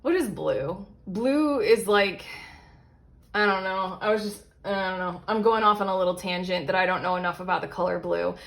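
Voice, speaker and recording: Speaking at a moderate pace in a medium-pitched voice that's gravelly with a touch of brightness, a woman reads tarot cards casually for her audience in a pick-a-card format. Her delivery rambles, full of fillers and side comments, and she often stops to correct herself.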